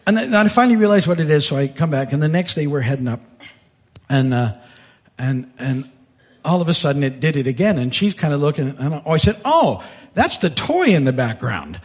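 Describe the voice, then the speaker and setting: Lively husky-voiced male pastor. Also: a little fast. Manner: animated, jumps into high voices when telling stories. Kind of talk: sermon with storytelling. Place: church.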